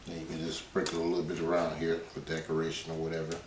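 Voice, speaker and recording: A man's voice: very deep voice, monotone, fast, roomy sound, recorded from a distance, noisy background. A man hosting a casual cooking vlog in his home kitchen, chatty, talking while he tastes his food. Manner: chatty, talks with mouth full while tasting. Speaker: cooking channel host.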